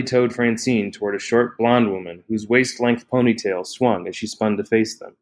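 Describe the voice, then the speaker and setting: Low-voiced man reading a novel. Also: steady tone, normal speed, few pauses, darkish tone.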